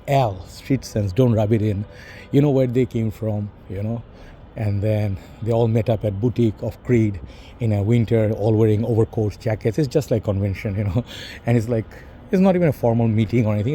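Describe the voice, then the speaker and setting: A man's voice: lowish voice, dark tone, a little hiss or hum. A middle-aged man with a Bangladeshi English accent, a fragrance reviewer talking to camera in a casual, rambling monologue full of "you know" and "bro".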